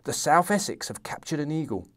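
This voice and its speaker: A man voicing an older British general, reading his astonished words in a low, hushed tone from a novel. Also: very animated, brisk. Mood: amazed.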